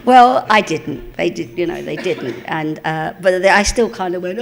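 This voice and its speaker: An older woman with an East End London accent, a guest in a live stage interview, telling chatty, animated stories and often laughing. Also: fairly low pitch, normal speed, gravelly, few pauses, a little hiss or hum. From England. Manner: chatty, animated storyteller, laughs often, calls people darling. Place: cinema auditorium with a live audience. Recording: long hall reverb.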